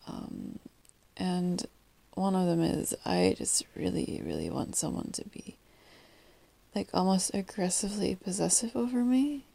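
Groggy whispering woman, low and gravelly. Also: big pitch swings. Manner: hushed and halting, many fillers, soft laughs. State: groggy morning voice. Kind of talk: whispered intimate monologue. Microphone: close mic.

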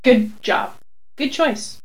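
A woman co-hosting a casual chat, animated and quick to laugh, swearing freely. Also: a little high. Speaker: podcast co-host.

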